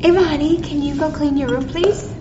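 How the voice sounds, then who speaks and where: A woman's voice: high voice, steady tone, a little fast, close to an everyday voice. A woman playing a weary, defensive wife. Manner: pleading, defensive. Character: tired wife and mother asking for errands. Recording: muffled roomy sound with clear background noise.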